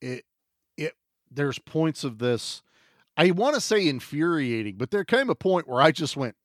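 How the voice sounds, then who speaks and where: A man's voice: on the high side, a little slow, no room sound, clean studio sound. A man co-hosting a podcast, retelling movie scenes with swearing and acted-out lines in casual chat. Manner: animated storyteller, acts out scenes, swears freely. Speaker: podcast co-host.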